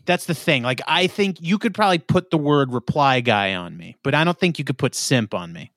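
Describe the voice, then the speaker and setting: Man, podcast co-host, hesitant, stammering, thinks aloud, mid-pitched, dry sound. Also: lively intonation, brisk, a bit bright, no room sound. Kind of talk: casual podcast chat.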